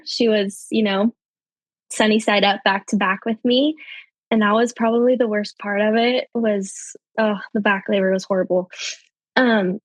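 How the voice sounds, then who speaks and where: Young woman, podcast guest; casual storyteller, lots of um and you know, mid pitch, dry close mic. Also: no echo. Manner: chatty, heavy with fillers like um and you know; jumps higher when quoting people.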